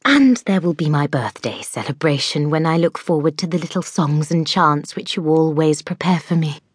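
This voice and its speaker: A woman voicing a kindly, fussy older headmistress who speaks in a beaming, gently formal way. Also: low voice, expressive, normal speed, husky, no room sound, studio quality. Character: kindly fussy elderly headmistress, short and plump.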